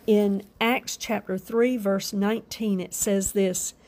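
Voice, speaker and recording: A woman preaching a sermon with fervent emphasis, drawn-out phrases and soft asides. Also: medium pitch, steady tone.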